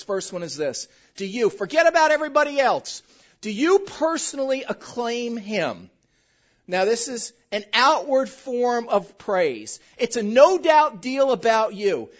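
Lively joking woman pastor preaching. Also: fairly high pitch. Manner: animated, joking storytelling addressed to the congregation. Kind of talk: sermon. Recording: muffled lo-fi recording.

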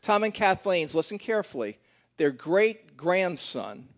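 A man's voice: high-pitched, big pitch swings, a little slow. A middle-aged man leading a church gathering, joking and teasing his congregation in a casual, chatty way.

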